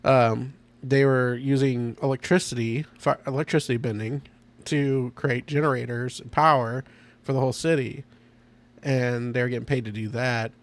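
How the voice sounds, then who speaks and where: A man chatting casually on his podcast, eager and rambling. He laughs often as he goes, and his voice sits at a middle pitch. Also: fairly even intonation, normal speed. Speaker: podcast host. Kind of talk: casual chat.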